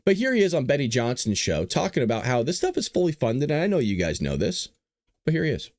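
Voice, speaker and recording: A man hosting a show, giving sarcastic opinion commentary in an animated way. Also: medium pitch, quick pace, dry recording, studio quality. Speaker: show host.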